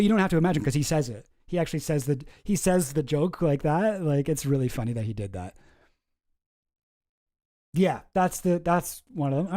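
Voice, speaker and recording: Sarcastic rambling man, mellow voice. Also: a little high. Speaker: host. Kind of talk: casual commentary.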